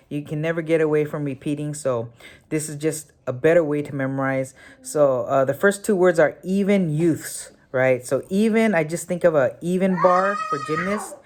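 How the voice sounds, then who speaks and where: Talk as a woman with a very deep voice giving a casual spoken tutorial, thinking aloud with lots of fillers and correcting yourself as you go. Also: background noise. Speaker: memory technique tutor.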